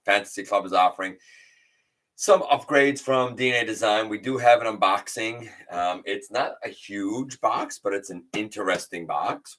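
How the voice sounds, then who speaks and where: A man's voice: low-pitched, pushed and bright. A man hosting a casual livestream, chatting loosely, greeting viewers by name and reading their comments aloud. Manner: rambling with fillers and restarts. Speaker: livestream host.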